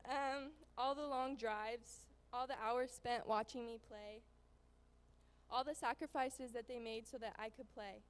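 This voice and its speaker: A woman's voice: a little high, steady tone, measured pace, smooth, long reverb tail. A teenage girl, a student athlete, giving a grateful thank-you speech with small laughs. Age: teens.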